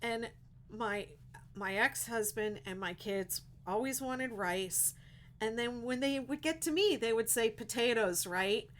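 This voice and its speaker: A woman's voice: a little high, unhurried, a little hiss or hum. A middle-aged woman with a Pittsburgh accent, hosting a casual crochet livestream, chatty and rambling and laughing at her own jokes. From Pittsburgh, USA.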